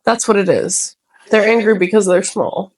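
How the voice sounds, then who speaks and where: A woman's voice: mid-range voice, fairly even intonation, normal speed, a little mellow, no echo. A woman co-hosting a casual podcast, chiming in with blunt, teasing quips and casual swearing. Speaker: podcast co-host.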